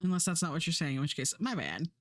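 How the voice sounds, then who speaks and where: A woman's voice: low voice, very animated, fast talker. A young adult woman livestreaming, chatting casually in a rambling, sarcastic way with frequent laughter. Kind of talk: casual stream chat.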